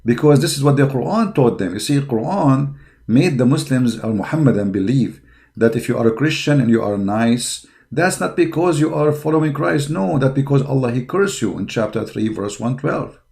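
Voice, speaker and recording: A man's voice: mid-range voice, expressive, moderate pace, vocal fry, a little mellow. A man giving an impassioned online commentary in non-native English. He talks in a combative, preaching way, with frequent fillers. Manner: combative and preaching, grows heated and mocking. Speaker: religious commentator.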